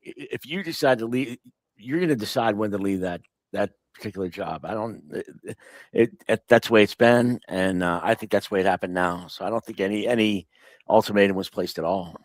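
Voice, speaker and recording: A man appearing as a guest on a casual sports talk show, giving measured opinions with some restarts. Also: on the low side, no room sound.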